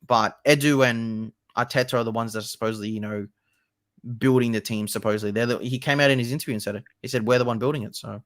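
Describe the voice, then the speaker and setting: A young male host in a casual football talk, speaking with passion and swearing freely. His voice sits in an ordinary middle pitch. The recording is dry and close, with no room sound. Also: fairly even intonation, fast, no echo. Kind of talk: casual chat about football.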